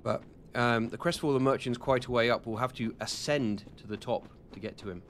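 A man's voice: medium pitch, a little fast, slight background noise. A young British man streaming a game, rambling casually with lots of ums and self-deprecating jokes while he answers chat. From United Kingdom. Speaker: gaming streamer. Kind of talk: casual live-stream commentary while playing.

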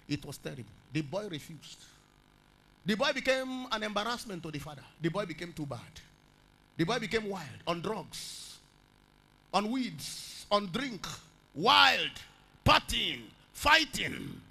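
A male pastor preaching a dramatic sermon, swinging from shouted peaks down to quiet storytelling. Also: sits high, rough recording.

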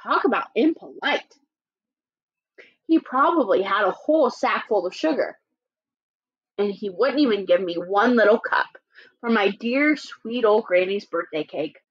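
A woman teacher voicing a sly, chatty male wolf as she reads a storybook aloud in a lively, playfully indignant way. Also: medium pitch, measured pace, husky. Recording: dull lo-fi recording.

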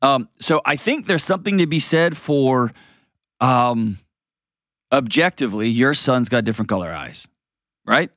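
Animated man hosting an advice show. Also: medium pitch, no room sound, studio quality. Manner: animated, storytelling, frequent restarts and quick asides. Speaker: host giving advice.

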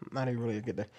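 A man's voice: mid-range voice, creaky, slightly rough. A young man giving reaction commentary, arguing with a string of rhetorical questions.

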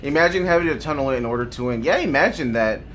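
A man's voice: medium pitch, expressive, fast talker, fairly bright tone, slight background noise. A young man streaming gameplay live, trash-talking and mocking with profane taunts and bursts of laughter over game music.

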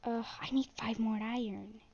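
A young woman commenting on her own gameplay in a flat, self-deprecating way, muttering to herself as she plays. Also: a little high, normal speed, dull audio. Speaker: gaming channel host.

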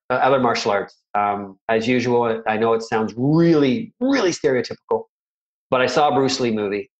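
A man's voice: medium pitch, muffled recording. A middle-aged man, a martial arts instructor, telling stories in a casual interview, rambling and self-deprecating with many restarts.

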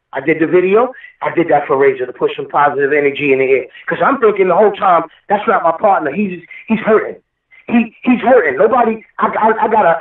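A man telling a long, emotional story in an interview, rambling and swearing often. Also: sits high. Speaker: guest rapper. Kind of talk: storytelling interview over the phone. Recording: echoey, far-off phone line.

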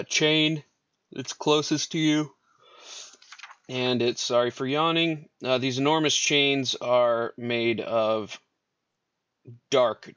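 A man's voice: medium pitch, fairly bright tone, no echo. Muffled man running a tabletop game. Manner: descriptive, halting with many fillers. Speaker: dungeon master.

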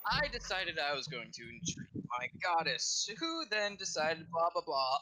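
A man's voice: a little high, big pitch swings, moderate pace, hardly any pauses, bright, forceful tone, poor audio. A man playing a tabletop game, sarcastic and indignant. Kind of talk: casual in-character and table talk.

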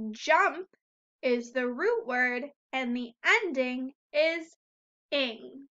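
Woman teacher, high voice, unhurried phonics delivery for young kids; dull lo-fi audio. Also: sharp tone. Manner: slow, deliberate, sounding out words and syllables. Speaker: first-grade teacher. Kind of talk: recorded phonics lesson for young children.

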